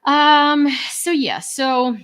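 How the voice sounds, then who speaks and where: A woman's voice: high-pitched, very slow, fairly bright tone. A woman from Ukraine hosting a casual livestream, chatting with viewers in an ironic, rambling way with many fillers and restarts, at home indoors. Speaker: livestream host.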